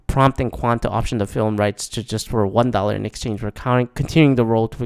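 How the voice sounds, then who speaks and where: Male movie reviewer, casual rant, smooth clear voice, swears freely, riffs on his own reactions. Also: fairly low pitch, quick pace, hardly any pauses. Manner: profane, rambling, animated, mock-quoting his own reactions.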